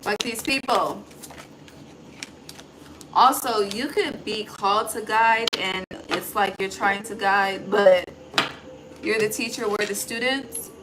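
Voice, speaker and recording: A woman's voice: medium pitch, slow pace. A woman giving a casual, chatty card reading, thinking aloud, swearing freely and calling the listener honey. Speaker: intuitive tarot reader. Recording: steady background noise.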